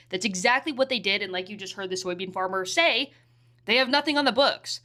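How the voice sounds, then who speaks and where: Bright-voiced scornful woman. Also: mid-range voice, brisk. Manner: scornful, mocking. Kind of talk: sarcastic political commentary.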